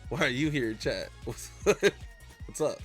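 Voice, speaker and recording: A young man streaming a game live, chatting casually and jokingly, sometimes bursting into loud shouts. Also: medium pitch, slow, soft background music. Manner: excitable, jokey, bursts into shouts. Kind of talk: live gaming commentary.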